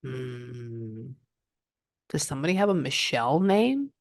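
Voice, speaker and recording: A woman working as a psychic medium, giving a client a reading and passing on messages in an animated, chatty way. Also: extremely low pitch, measured pace, dry recording, clean studio sound. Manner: animated, relays messages in quotes, frequent "hold on".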